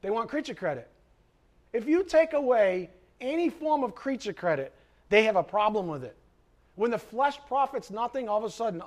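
Animated high-voiced male preacher. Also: moderate pace. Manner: animated, acts out quoted voices. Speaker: pastor. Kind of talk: sermon.

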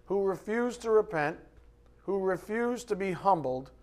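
Emphatic preacher with loud and quiet swings. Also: male voice, high voice, expressive, unhurried. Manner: rhetorical questions to the congregation. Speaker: pastor. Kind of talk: sermon.

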